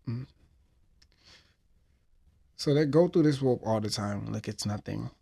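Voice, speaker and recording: Man, podcast host, personal storytelling, heartfelt, hesitant, reflective, average pitch. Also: creaky, mellow, a little hiss or hum.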